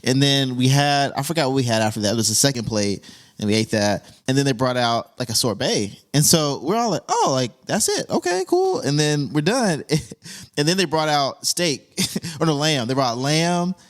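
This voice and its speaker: A man's voice: mid-range voice, normal speed. A young man hosting a casual chat, telling stories with lots of laughter. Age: young adult. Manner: animated storyteller, laughs often, goes on tangents. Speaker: podcast host.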